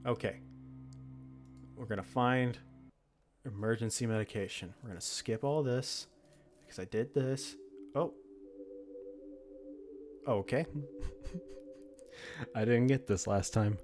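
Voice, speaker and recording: A man's voice: medium pitch, slow, pauses often, darkish tone, faint music behind. A man reading a text horror game aloud, with dramatic narration broken by laughs and reactions. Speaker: game streamer.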